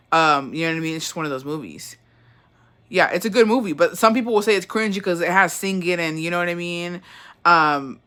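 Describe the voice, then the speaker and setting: Host ranting casually, foul-mouthed and worked up, with a bright, sharp edge. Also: mid-range voice. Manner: profane, animated, swears constantly. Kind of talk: casual rant.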